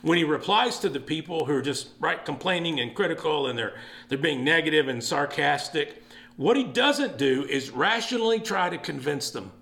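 High-voiced earnest pastor. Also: male voice, animated, normal speed, gravelly, pushed and bright. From East Texas. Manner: earnest, rising to emphatic exhortation. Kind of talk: sermon.

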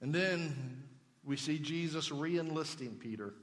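A man with a fairly high voice delivers a sermon, talking it through conversationally and asking rhetorical questions, with an occasional slip of the tongue. His words ring out with a long reverb, as if spoken in a large hall. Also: unhurried. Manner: conversational preaching with rhetorical questions and brief slips. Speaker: pastor.

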